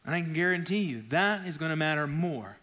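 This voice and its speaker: A pastor in his forties delivers a sermon in church, with a forceful, slightly high voice. He keeps asking whether the listeners follow him, and he tells stories with animation. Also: fairly quick. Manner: keeps asking the crowd "right?" and "you follow me?"; animated storytelling.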